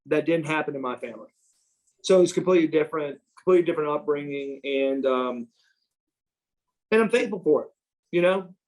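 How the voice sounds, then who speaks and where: Animated man telling wrestling stories. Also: fairly high pitch, a little fast, long pauses, rough recording. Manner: animated storyteller, swears freely, acts out quotes. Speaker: former pro wrestler guest. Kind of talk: shoot interview storytelling.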